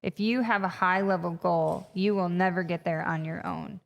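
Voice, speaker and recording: A woman guest in a conversational interview, telling stories in an animated way with lots of fillers. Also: lowish voice, moderate pace, gravelly, dull audio. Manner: animated storyteller, many fillers. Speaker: podcast guest, retreat facilitator. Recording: long reverb, echoey room.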